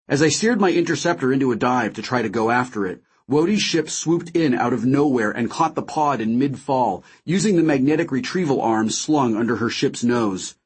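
A man narrating a first-person audiobook in a measured, dramatic way. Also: mid-range voice, breathy edge.

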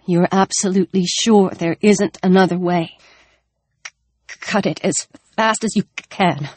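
A woman's voice: fairly high pitch, lively intonation, slightly rough, pitched above the performer's own voice, exaggerated voice. Woman doing a gasping feverish wounded man. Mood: desperate. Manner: halting, stammering, breathless pleading. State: out of breath.

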